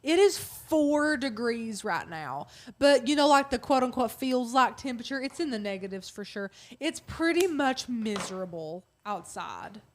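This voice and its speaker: A woman's voice: fairly high pitch, animated, normal speed, slight background noise. A woman co-hosting a craft livestream, chatting casually and reading viewer comments aloud. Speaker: co-host.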